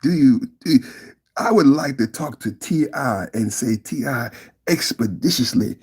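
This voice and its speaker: A man hosting a live reaction stream, rambling loudly and repeating phrases between bursts of laughter. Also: mid-range voice, lively intonation, moderate pace, breathy edge. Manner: loud, laughing, rambling and repetitive. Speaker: podcast host.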